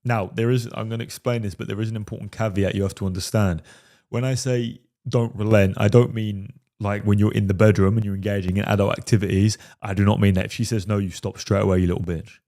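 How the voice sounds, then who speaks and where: A man's voice: on the low side, fairly even intonation, fast, warm tone. A man commenting on a film clip as a dating coach, emphatic and repeatedly checking in with "right?". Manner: emphatic, keeps asking "right?".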